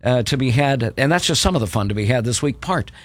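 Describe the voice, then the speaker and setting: A man's voice: mid-range voice, lively intonation, fast, no echo. Radio host guy reading event listings, loose and casual, lots of uhs, dry studio mic. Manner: loose, with many "uh" fillers.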